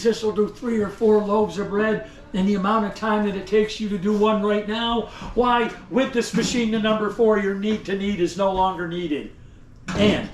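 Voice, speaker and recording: A man with a high, bright voice works the crowd like an old-time salesman, full of showy flourishes and playful jabs at his listeners. He speaks to the group directly as he leads a museum tour. The sound bounces around an echoey indoor room, with a faint hum of noise behind him. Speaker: costumed museum tour guide. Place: indoor store museum among visitors.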